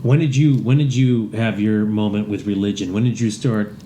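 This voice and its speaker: Mellow-voiced man hosting a podcast. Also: fairly low pitch, fairly even intonation, normal speed, a little hiss or hum. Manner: loose, swearing, asks questions. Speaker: podcast co-host. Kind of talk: casual chat.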